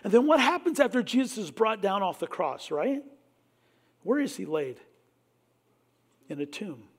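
High-voiced preaching pastor. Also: male voice, sing-song, unhurried. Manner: emphatic preaching, often dropping to a hushed tone; repeats "listen" to address the congregation. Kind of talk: sermon.

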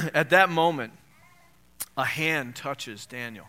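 Speaking slowly in a mid-range voice that sounds pushed and bright, this male pastor preaches conversationally. He frequently throws rhetorical questions at the congregation and lifts his voice for scripture readings.

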